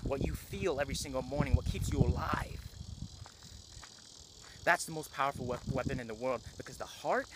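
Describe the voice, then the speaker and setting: A man delivers a motivational monologue for his vlog, with a mid-range voice. He talks emphatically and circles back to repeat his phrases. Loud background noise from outdoors runs under his speech. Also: mid-range voice, a little fast, pauses often. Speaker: motivational vlogger.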